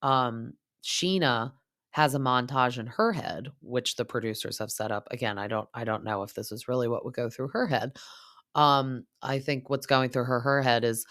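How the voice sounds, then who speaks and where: A woman's voice: rumbling low, normal speed, a bit bright, no echo, clean studio sound. A woman in her thirties hosting a podcast, chatting casually and gossipily in a TV recap, filling her talk with "like". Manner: chatty, gossipy, heavy use of "like". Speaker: podcast host.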